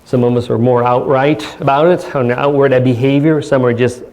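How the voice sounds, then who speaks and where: Earnest pastor preaching a sermon. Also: male voice, medium pitch, fairly even intonation, a little mellow. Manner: earnest, unhurried preaching with pauses, reading scripture aloud. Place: church service.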